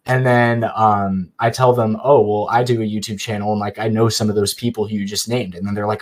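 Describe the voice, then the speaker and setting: A young man with a fairly low voice chats casually as a podcast guest. He tells long, rambling stories full of "like" and "you know," acting out both sides of his conversations. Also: fairly even intonation, quick pace. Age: young adult. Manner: rambling storytelling with many fillers. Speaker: YouTuber guest.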